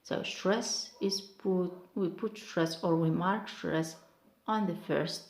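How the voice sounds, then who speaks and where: A woman, teaching English word stress slowly and carefully, repeating each example word. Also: fairly low pitch, fairly even intonation, a little mellow, reverberant. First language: Arabic. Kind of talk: online pronunciation lesson.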